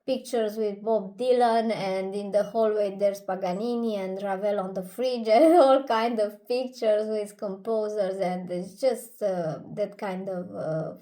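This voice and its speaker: A woman's voice: medium pitch, fairly even intonation, measured pace, hardly any pauses, dark tone. Hesitant woman telling an anecdote. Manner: hesitant, many fillers, laughs between phrases. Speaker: storyteller. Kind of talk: casual spoken anecdote.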